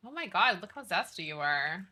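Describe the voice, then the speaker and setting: A woman's voice: lowish voice, very animated, normal speed, pushed and bright. A young woman streaming live, chatting casually, swearing freely and apologizing as she fiddles with her settings.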